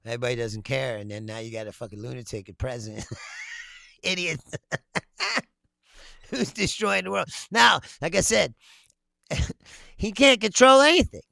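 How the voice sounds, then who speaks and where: A man's voice: medium pitch, normal speed, creaky, long pauses, pushed and bright, no echo. A man hosting a political commentary show, talking bluntly with lots of swearing and frequent laughter. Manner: laughs often, blunt and profane. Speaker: host.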